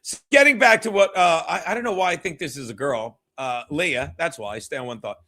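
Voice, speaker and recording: A man's voice: fairly high pitch, animated, brisk, bright, forceful tone. A man hosting a livestream, rambling and swearing as he thanks viewers and laughs often. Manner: rambling, profane, laughs often between remarks. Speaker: host of a livestreamed comedy show. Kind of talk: casual livestream chat reading viewer donations.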